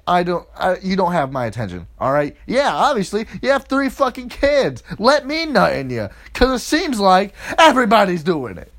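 Man, podcast host, crude comic rant, profane, mocking, high voice, very expressive pitch. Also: normal speed, few pauses. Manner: profane, mocking and animated, jumping into quoted voices.

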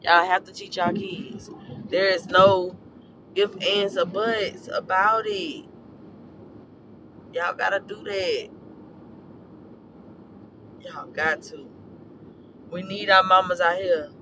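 A man with a hoarse, scorched throat, giving a blunt, profane and preachy casual rant as a podcast host. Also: sits high, steady tone, takes it slowly, long pauses, lo-fi sound, background noise.

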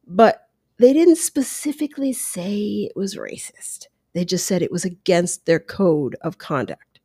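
A woman's voice: lowish voice, animated, unhurried, warm tone, husky, no echo. Woman podcast host, dry close sound. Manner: conversational, talks through ideas with asides and quoted voices. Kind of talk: casual solo commentary. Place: room at home. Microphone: headphones and close mic at home. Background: dog lapping water.

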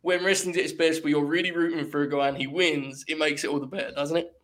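A fairly high-voiced man hosts a loose, casual review podcast. He talks with lively energy, swears freely and breaks into laughter often. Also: quick pace. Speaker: podcast host. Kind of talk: casual wrestling review chat.

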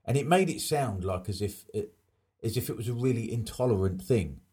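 A man's voice: mid-range voice, animated, a little fast, warm tone, slightly rough. A man talking in a casual chat, emphatic and opinionated.

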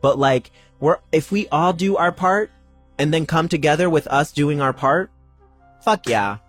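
A man's voice: a little high, unhurried, fairly bright tone, faint music behind. A man hosting a spiritual podcast, talking casually and emphatically, repeating phrases and swearing freely. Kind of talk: casual spiritual pep talk.

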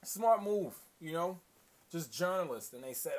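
A man's voice: fairly high pitch, lively intonation, a little slow. A man hosting a casual solo commentary show, profane, rambling and opinionated. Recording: faint hiss.

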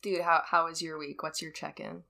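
A woman's voice: sits low, flat delivery, normal speed, creaky, sharp tone. A young woman co-hosting a podcast in casual, laid-back chat, laughing often and saying "dude" and "like.". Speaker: podcast co-host.

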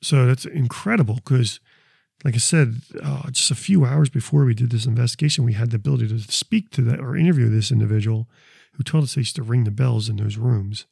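Presenting his recordings, a paranormal investigator explains things casually in a loose, rambling way, frequently repeating words and starting sentences over. His medium-pitched voice, a little fast, has a gravelly, rough edge and a dark, mellow tone. The sound is dry and close, with no echo or room around it.

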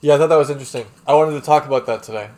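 A young man co-hosting a casual podcast with quick, teasing asides. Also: on the high side, darkish tone. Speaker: podcast co-host.

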